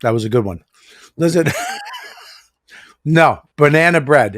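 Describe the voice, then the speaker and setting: A man's voice: a little high, very animated, normal speed, long pauses, fairly bright tone, no room sound. A man co-hosting a podcast, telling stories in a boisterous, profane way. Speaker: podcast co-host. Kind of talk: casual chat.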